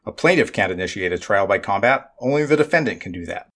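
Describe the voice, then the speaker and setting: Brief: man playing a blunt, dismissive mining company boss, audiobook, fairly low. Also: expressive, fast, fairly bright tone. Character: gruff middle-aged male mining executive, dismissive.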